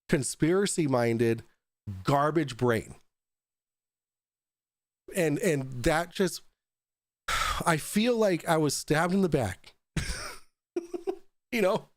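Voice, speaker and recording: A man's voice: fairly high pitch, darkish tone, no room sound, clean studio sound. A man hosting a talk show, ranting profanely and mockingly, taking shots as he goes. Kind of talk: ranting commentary.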